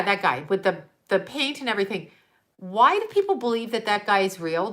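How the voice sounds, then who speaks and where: A woman's voice: medium pitch, bright, forceful tone. A woman livestreaming a rambling casual monologue to her viewers, exasperated and profane, trailing off into rhetorical questions and laughing in disbelief. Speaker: livestream host talking to viewers.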